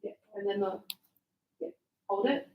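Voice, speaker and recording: A woman's voice: medium pitch, a little slow, narrow, tinny audio, slight background noise. A woman teaching an English grammar lesson to a class, explaining patiently with examples and encouraging her students. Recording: echoey classroom sound.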